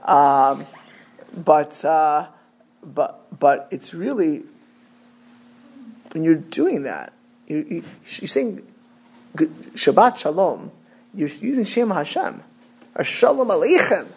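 A rabbi talks through an informal Torah class. His voice sits high and carries a gravelly edge. He repeats himself and mixes Hebrew and Yiddish terms into plain English. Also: animated, slow pace, pauses often.

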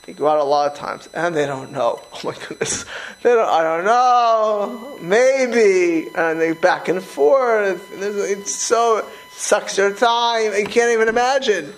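A middle-aged man talking in a casual conversation, animated and emphatic, often restarting his sentences. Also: high voice, measured pace, slight background noise, rough recording.

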